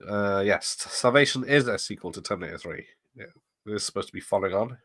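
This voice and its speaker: A middle-aged man hosts a watch party, reading the chat in casual live commentary, laughing often and drifting into asides. His voice sits on the low side and is a little bright, and he talks fast. The recording is dry.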